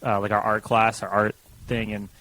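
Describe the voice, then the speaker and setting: A man's voice: fairly low pitch, level tone, normal speed, bright, forceful tone, a little hiss or hum, low-quality recording. A young man co-hosting a podcast, chatting in a laid-back, rambling way. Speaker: podcast co-host. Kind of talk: casual chat.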